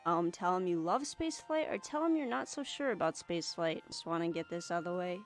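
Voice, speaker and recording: A woman's voice: lowish voice, expressive, brisk, faint music behind. A woman hosting a let's play, reading a visual novel aloud and adding wry, dry asides.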